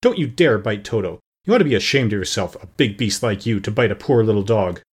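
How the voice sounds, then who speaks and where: A spirited, earnest little girl from a storybook, as a male narrator puts her on. She speaks in a raised, husky voice that is quick to turn indignant. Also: lowish voice, expressive. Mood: childlike.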